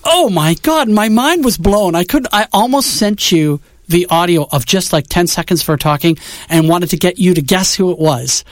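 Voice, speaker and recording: A man's voice: high-pitched, lively intonation, normal speed, no echo. A man co-hosting a casual music show, talking with wry, joking enthusiasm. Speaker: co-host. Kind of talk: casual podcast chat.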